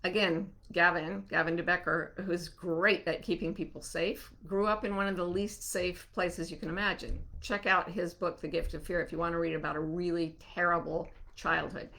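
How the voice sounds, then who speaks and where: A woman hosting a live online gathering, answering listener questions in an animated, reassuring way. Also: fairly low pitch. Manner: warm, animated, soothing when slowing down.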